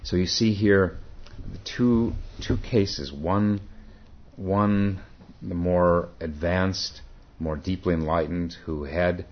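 A man with a very deep voice gives a dharma talk as a Zen teacher, telling a story haltingly with frequent self-corrections. The recording is dull and lo-fi. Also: steady tone.

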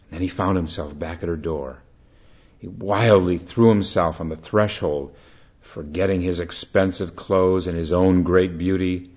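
A male meditation teacher gives a reflective dharma talk woven with a story. His voice is deep and husky and he speaks slowly and calmly. The recording sounds dull and lo-fi. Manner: calm, unhurried, reflective.

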